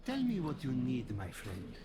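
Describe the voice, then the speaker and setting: An actor playing a smooth-talking male merchant vendor in a video game, persuasive and eager to deal. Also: mid-range voice, huge pitch swings, a little slow, noisy background. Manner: persuasive, salesman-like. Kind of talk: video game character dialogue.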